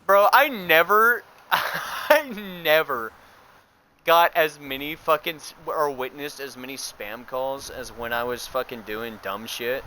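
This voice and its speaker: A man's voice: medium pitch, slow, sharp tone, a little hiss or hum. A young man telling a long story while he streams a game, swearing often and laughing. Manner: profane, laughing, full of fillers. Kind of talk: casual rambling storytelling while gaming.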